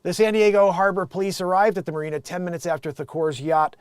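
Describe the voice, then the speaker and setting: High-voiced man riffing on the news. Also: flat delivery, fast, clean tone, no room sound, studio quality. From United States. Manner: joking, acts out quotes. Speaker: vlog host reading news. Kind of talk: casual news commentary.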